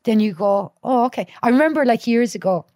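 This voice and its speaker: A woman's voice: fairly high pitch, fairly quick, no echo, clean studio sound. A woman with a Dublin accent, a podcast guest and youth worker, chatting casually and telling stories with acted-out quotes and blunt swearing. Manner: lively storyteller, acts out quotes, swears freely. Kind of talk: casual chat.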